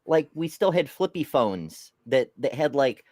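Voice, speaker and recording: Recorded dry with clean studio sound, an American woman with an extremely low voice talks at a measured pace. As a podcast host, she spins rambling, animated stories in casual conversation, laughing a lot.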